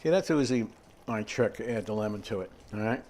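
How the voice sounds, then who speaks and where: The older man cooking at home speaks fairly low and brisk, expressive, with a darkish tone and a little hiss or hum in the background. His casual recipe demonstration rambles, chatty and loaded with fillers and asides.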